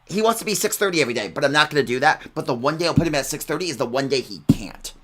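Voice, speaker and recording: A man's voice: mid-range voice, sharp tone. A young man telling rambling, casual stories at halftime of an online game broadcast, with bursts of exaggerated outrage.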